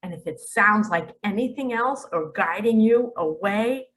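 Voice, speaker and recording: A woman speaking as a spiritual teacher in a religious monologue, emphatic, with sudden loud and hushed turns. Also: medium pitch, expressive, measured pace, low-quality recording.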